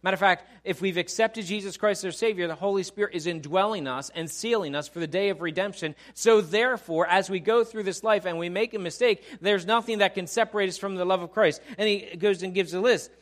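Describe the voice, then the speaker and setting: Man, pastor, sermon, lively preaching, fairly high voice, acts out voices. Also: brisk, few pauses. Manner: animated preacher who acts out quoted voices and asks the congregation to repeat lines.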